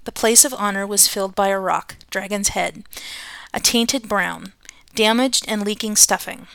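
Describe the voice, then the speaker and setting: A woman's voice: mid-range voice, fairly even intonation, normal speed, creaky, fairly bright tone, smooth, no echo. Chatty woman reading a book aloud. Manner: chatty, self-correcting, laughs at her own slips. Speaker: podcast host reading aloud.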